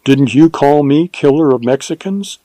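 A male narrator giving voice to a devoted frontier ranger in a western audiobook, speaking in a quiet, earnest and steady way. His tone is mellow and warm. The recording is close and dry. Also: a little high, moderate pace, dry recording, voice pushed up, lightly acted. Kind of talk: audiobook character reading.

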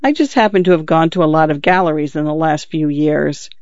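A man reading a story, voicing a young wife who pleads gently and softly with her husband. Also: a little high, fairly quick, no echo, lightly acted. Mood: gentle. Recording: dull dry lo-fi recording.

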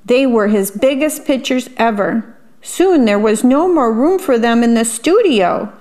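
Picture-book reader: woman, slow, a little high, chatty about the pictures. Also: animated, a little mellow. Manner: describes the pictures in a chatty aside. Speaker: storyteller. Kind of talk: reading a picture book aloud.

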